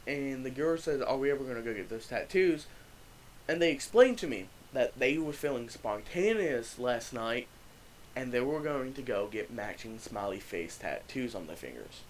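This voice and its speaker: A man's voice: on the high side, poor audio. A young man telling a story and chatting about his channel in a loose, profane, rambling way with frequent restarts. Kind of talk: casual storytime vlog.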